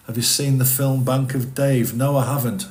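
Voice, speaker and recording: A man's voice: mid-range voice, steady tone, normal speed, darkish tone. A middle-aged man, chatting casually on a livestream and answering viewers' comments as he rambles. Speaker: livestream host reading chat. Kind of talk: casual live chat.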